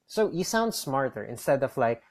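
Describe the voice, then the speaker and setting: A call center trainer gives casual tips in an instructional talk, coaching listeners with direct advice while rambling through many fillers and restarts. His voice is medium-pitched with big swings in pitch, and he talks at a normal speed.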